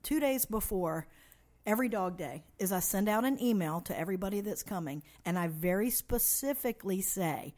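A woman's voice: medium pitch, lively intonation, moderate pace, darkish tone. A woman who leads a women's ministry, talking in an upbeat, encouraging and lightly teasing way in a casual chat.

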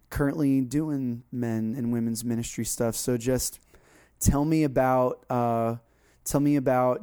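A man hosting a casual chat, asking questions in a relaxed, laid-back way. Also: mid-range voice, clear, resonant tone. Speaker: podcast host.

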